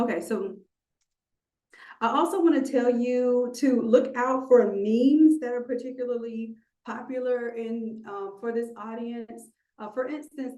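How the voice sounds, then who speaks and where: A woman instructor teaching a live online design class, animated and playful, talking straight to her viewers. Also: fairly high pitch. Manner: animated, playful, talks to the audience. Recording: roomy echo.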